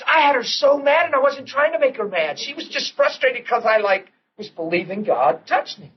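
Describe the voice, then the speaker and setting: A man preaching through a personal story, excitable and animated, often laughing as he tells it, on a dull lo-fi old recording. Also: very high voice, moderate pace, slight background noise. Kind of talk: storytelling sermon.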